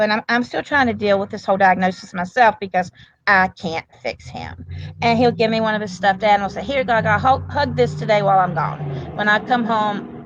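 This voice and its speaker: Casting: earnest, rambling woman guest, mid pitch, dry and slightly dull sound. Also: dry recording. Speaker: grandmother and medical provider, guest. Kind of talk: emotional casual interview talk.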